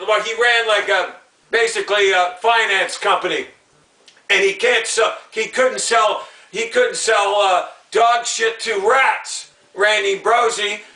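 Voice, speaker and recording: Middle-aged male vlogger, very high, piercing voice, blunt shouting rant, recorded at a distance in an echoey room. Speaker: sports vlogger. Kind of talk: heated sports rant.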